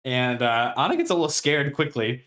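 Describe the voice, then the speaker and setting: A man's voice: medium pitch, very animated, a little fast, a bit bright. A man co-hosting a podcast, recapping a book chapter in a casual, chatty way, often laughing and acting out characters' lines. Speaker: podcast co-host.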